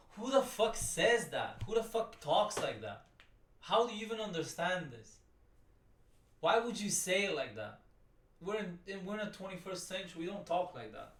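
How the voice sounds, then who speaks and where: A man's voice: high-pitched, very animated, moderate pace, fairly bright tone. A man giving profane, exasperated, rambling commentary while reacting to a video. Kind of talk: ranting commentary. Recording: roomy sound, distant from the mic.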